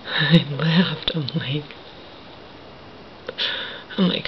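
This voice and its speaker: A woman vlogger talking in a hushed whisper, bitter and full of profanity, in a personal monologue. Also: on the low side, steady tone, measured pace, dull audio, a little hiss or hum.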